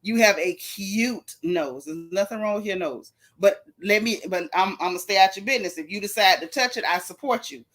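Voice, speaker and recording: A woman holds forth on her live stream in a loose, candid way, dropping slang as she talks straight to her viewers. Her voice is bright and forward. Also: mid-range voice, normal speed, hardly any pauses. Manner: chatty and candid, with Southern slang, reading viewer comments. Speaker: live-stream host recapping a reality show. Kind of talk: casual live-stream chat.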